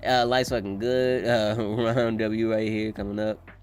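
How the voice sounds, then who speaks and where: A man's voice: lowish voice, flat delivery, measured pace, smooth, faint music behind. Laid-back male streamer, casual and profane. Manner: loose, profane, reads chat aloud, laughs often. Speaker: streamer reacting to a manga chapter. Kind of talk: live reaction stream, casual chat.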